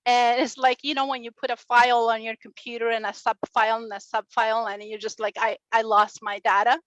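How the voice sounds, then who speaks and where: A woman in her forties giving a motivational talk at a summit, telling her story with warmth, laughter and acted-out quotes. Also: on the high side, level tone, brisk, dry recording, lo-fi sound. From Chile. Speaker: speaker at a summit, radio and podcast host. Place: stage at a summit.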